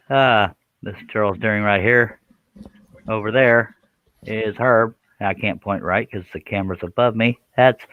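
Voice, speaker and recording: A man's voice: on the low side, no room sound, narrow, tinny audio. A man hosting a casual woodworking live stream, joking and bantering in a folksy way.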